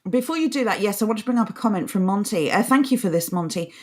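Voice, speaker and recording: A woman's voice: medium pitch, lively intonation, quick pace. A woman co-hosting a live political talk show, speaking with an impassioned, ranting delivery. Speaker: co-host.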